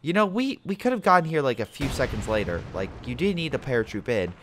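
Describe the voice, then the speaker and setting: A man's voice: medium pitch, sing-song, quick pace, a bit bright, slight background noise. A man doing a cocky soldier squad. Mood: teasing.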